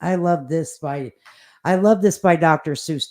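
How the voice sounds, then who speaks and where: A woman's voice: low voice, a little slow, a little mellow. Chatty woman hosting a casual livestream. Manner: chatty, laughs often, swears casually. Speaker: livestream host reading viewer comments.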